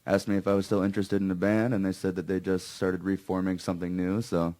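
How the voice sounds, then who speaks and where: A man's voice: low-pitched, little pitch movement, quick pace, dark tone. A man from Florida who plays in a band, telling his story in an easygoing, laid-back way as a podcast guest. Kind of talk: casual podcast chat.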